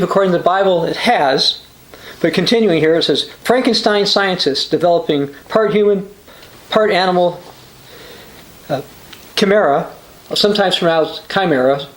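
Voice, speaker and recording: High-voiced man preaching a sermonette, echoey. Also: normal speed, long pauses. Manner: reads quotations aloud with frequent uh and restarts. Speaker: preacher hosting a religious news channel. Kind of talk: short sermon reading news and scripture.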